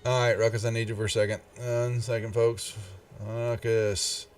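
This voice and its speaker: A man narrating as game master in a live-streamed tabletop game, halting and restarting as he checks the rules. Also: medium pitch, level tone, distant mic, faint music behind. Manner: halting, with many restarts and fillers.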